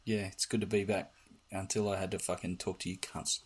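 A man's voice: low voice, little pitch movement, fairly quick, a little hiss or hum. A man joining a podcast chat, blunt and crude, teasing the hosts. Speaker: podcast guest. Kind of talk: casual chat.

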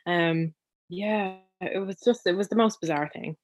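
Chatty woman, lowish voice. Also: a little slow, a little mellow. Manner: chatty, with many ums and restarts. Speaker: guest. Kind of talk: personal storytelling in conversation.

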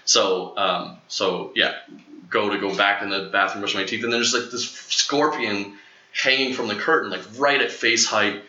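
Young guy rambling thru a story, lotsa fillers, pops up high doing quotes, bright voice, roomy kinda muffled sound. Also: moderate pace. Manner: rambling, animated, acts out quotes in a higher voice. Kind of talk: casual storytelling.

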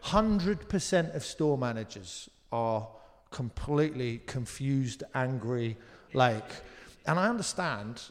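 British comedian telling a story in a reverberant hall. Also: male voice, medium pitch, slow pace. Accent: British English. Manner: lively anecdote telling with mimicked quotes, casual swearing. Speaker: comedian guest. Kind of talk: live talk show storytelling. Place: live venue stage. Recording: long reverb of a live venue.

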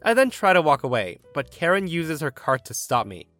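A young man hosting a podcast, telling a story in a lively, exasperated way. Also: fairly high pitch, moderate pace, faint music behind. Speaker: podcast host reading a story. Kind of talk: storytelling narration.

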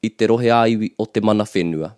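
A man's voice: lowish voice, fast talker, a little mellow, clear, resonant tone, no echo, studio quality. A man teaching a language lesson on a podcast, explaining patiently and switching into Māori phrases.

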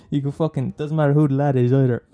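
Dark-voiced swearing young man. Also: mid-range voice, little pitch movement, fast talker, dull audio, soft background music. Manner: swearing, mocking, rambling. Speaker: comedian. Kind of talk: profane comic rant.

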